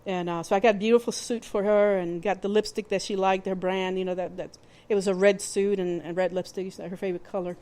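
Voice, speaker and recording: A woman hosting a podcast, telling a personal story in a candid, plainspoken way, with halting restarts and fillers. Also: mid-range voice, fairly even intonation, dark tone. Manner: candid and plainspoken, with mild swearing. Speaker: podcast host.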